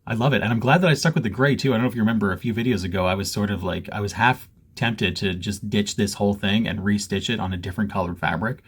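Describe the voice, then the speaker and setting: A man's voice: lowish voice, fast talker, few pauses, breathy edge. A man chatting casually to camera from his basement, joking, self-mocking and laughing often. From Canada. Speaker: cross-stitch vlogger. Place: home basement.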